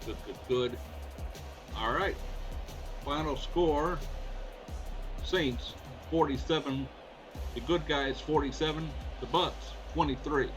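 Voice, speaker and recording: A man's voice: fairly high pitch, takes it slowly, long pauses, rough recording. A man casually commenting on his own gameplay, folksy and muttering stats aloud. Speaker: gaming video host. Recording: voice over loud game music.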